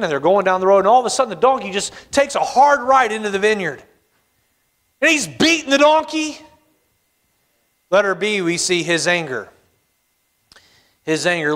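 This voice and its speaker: A male pastor preaching a sermon in a church, telling the story with animated voices. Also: sits high, moderate pace. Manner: animated storytelling, acts out characters. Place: church sanctuary. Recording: long hall reverb in church.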